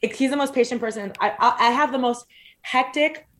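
A woman's voice: on the high side, normal speed, a bit bright. A woman guest on a casual podcast chat, joking and acting out voices in the stories she tells. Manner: jokey, acts out quoted voices.

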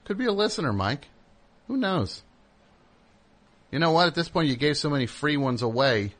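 A man from New Jersey hosting a comic call-in radio show, telling rambling stories with deadpan sarcasm. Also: on the high side, normal speed.

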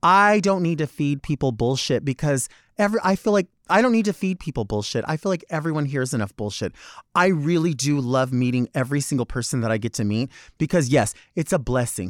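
A man's voice: on the high side, animated, brisk, no room sound, clean studio sound. A man, a drag performer, giving a blunt and profane monologue, acting out other people's lines as he goes. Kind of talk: candid monologue.

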